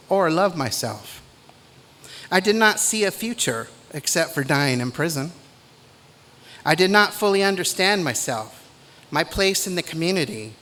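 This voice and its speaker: Middle-aged man, commencement speaker, slightly raised pitch, slow deliberate pacing with pauses. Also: pushed and bright. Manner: measured, deliberate delivery with pauses. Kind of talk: commencement speech.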